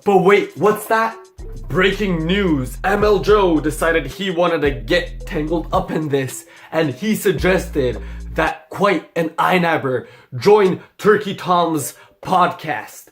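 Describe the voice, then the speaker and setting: Young male commentary host, high voice, sarcastic and foul-mouthed, faint music bed. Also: expressive, a little slow. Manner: sarcastic, profane, mocking impressions. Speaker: commentary YouTuber. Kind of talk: YouTube drama commentary.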